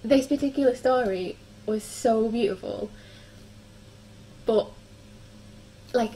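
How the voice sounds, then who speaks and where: A woman's voice: on the high side, slow, warm tone, a little hiss or hum, low-quality recording. Chatty young woman reviewing books. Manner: chatty, frequent ums and likes. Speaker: book vlogger. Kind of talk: casual book review chat.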